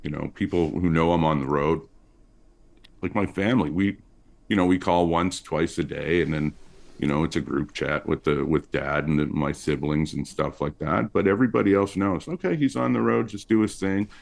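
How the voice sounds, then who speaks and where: Deep-voiced chatty male comedian. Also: moderate pace, creaky. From Montreal, Canada. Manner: chatty storyteller with lively pitch swings. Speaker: comedian guest. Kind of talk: casual interview chat.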